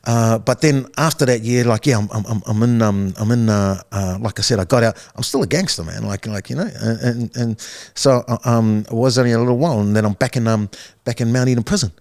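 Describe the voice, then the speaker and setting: A man's voice: mid-range voice, brisk, darkish tone. A middle-aged man with a New Zealand accent telling his life story as a podcast guest, casual and full of repeated words, restarts, and "bro" and "man".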